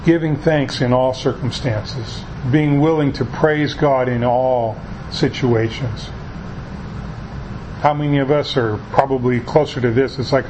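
Man, conversational sermon, folksy and halting, middle pitch, faint hiss behind. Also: steady tone. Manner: folksy, halting, with many restarts. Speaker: preacher.

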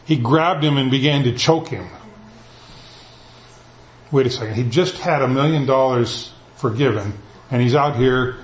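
A male pastor giving a conversational, animated sermon, retelling scripture in everyday language. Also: mid-range voice, unhurried, long pauses, reverberant, poor audio. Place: church sanctuary.

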